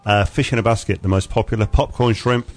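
A man's voice: lowish voice, steady tone, quick pace. A middle-aged man hosting a casual radio show, teasing and jokey, laughing often. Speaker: radio host.

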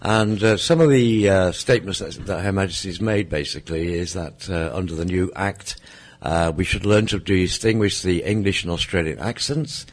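A man co-hosting a comic radio chat, explaining mock rules in a dry, deadpan way. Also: low-pitched, normal speed, few pauses. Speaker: radio co-host.

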